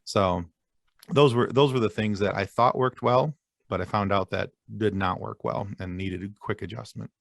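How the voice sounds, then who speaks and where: Low, gravelly man telling stories. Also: no echo, studio quality. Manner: halting, many fillers and restarts, self-deprecating. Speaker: podcast guest. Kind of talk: casual podcast chat.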